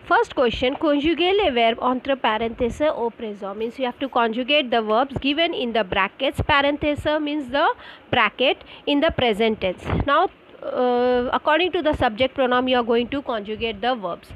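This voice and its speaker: A woman teacher with an Indian English accent walks through a recorded lesson, patiently spelling each answer letter by letter. Her voice sits high. The recording is muffled and lo-fi. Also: normal speed, a little hiss or hum. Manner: explains step by step, spells words letter by letter. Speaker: French teacher.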